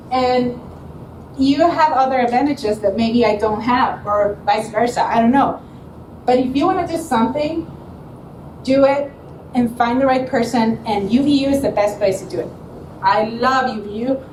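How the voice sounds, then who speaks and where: A woman with a high voice gives a student presentation, telling lively stories and often laughing as she acts out what people said. She is recorded from a distance in a roomy, echoing space with faint background ambience. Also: a little slow, a little hiss or hum. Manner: animated storyteller, laughs often, acts out quotes. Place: presentation room. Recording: echoey room, mic from far off.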